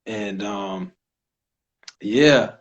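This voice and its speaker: Halting man with a New York accent. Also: on the low side. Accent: New York (Staten Island). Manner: halting, restarts a lot, laughs easily. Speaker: actor and co-host. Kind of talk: casual podcast chat. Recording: dull lo-fi recording.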